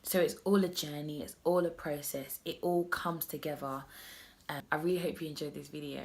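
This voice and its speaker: A woman's voice: low voice, steady tone, a little fast, a little mellow. A woman in her twenties talking straight to the camera in a heartfelt vlog, earnest and personal, often restarting her sentences. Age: 20s. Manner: earnest, direct address with many restarts. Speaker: vlogger. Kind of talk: heartfelt self-love vlog talk.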